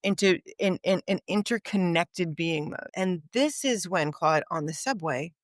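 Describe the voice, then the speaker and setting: A woman's voice: on the low side, measured pace, no echo. Woman telling a story, dry close sound. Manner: vivid anecdote teller, acts out quoted dialogue. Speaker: podcast guest, author. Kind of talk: storytelling in conversation.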